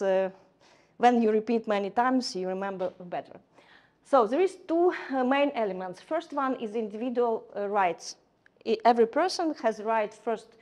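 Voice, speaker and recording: Halting woman lecturing. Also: a little high, a little mellow. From Ukraine. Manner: halting, many fillers and restarts, non-native English. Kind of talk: lecture to a class.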